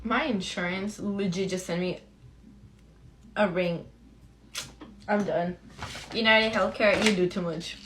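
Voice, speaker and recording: Taking it slowly and pausing often, the young beauty vlogger speaks in a medium-pitched, fairly bright voice with fairly even intonation, over slight background noise. It's a friendly, slangy get-ready-with-me storytime for her viewers.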